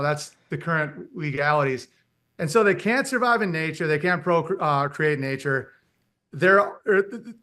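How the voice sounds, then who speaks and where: A man talking casually as a podcast guest, rambling and animated, often breaking into mocking impressions and laughing at his own jokes. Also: fairly high pitch. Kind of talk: casual chat.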